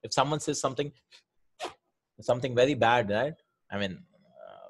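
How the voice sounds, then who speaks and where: Husky-voiced man teaching Arabic grammar. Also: mid-range voice, normal speed. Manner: explains patiently, often asks "right?", repeats words. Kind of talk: Quranic Arabic grammar lesson.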